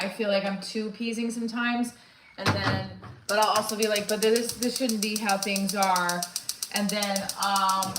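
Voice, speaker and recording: A woman comedian talking candidly in a casual vlog, frank and rambling, swearing freely with frequent restarts. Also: medium pitch. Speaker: comedian vlogging her day. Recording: echoey room with faint background noise.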